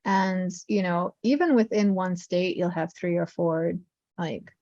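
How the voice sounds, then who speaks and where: A woman's voice: fairly low pitch, unhurried, dark tone, no echo, dull audio. A woman teaching a language lesson in a casual, upbeat way, chatty with many fillers. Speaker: Malayalam teacher. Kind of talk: casual online lesson talk.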